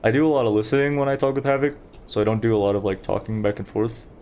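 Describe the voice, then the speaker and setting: Here a young man chats and rambles to his stream's viewers while playing, giving casual commentary on the game. He speaks at a racing pace in a medium-pitched, darkish voice, with slight background noise.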